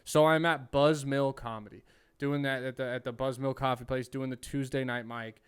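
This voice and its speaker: A young man hosting a podcast, telling a story in casual chat, animated and profane, acting out what people said. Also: mid-range voice, normal speed, smooth. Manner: animated, profane, acts out quotes. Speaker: podcast host.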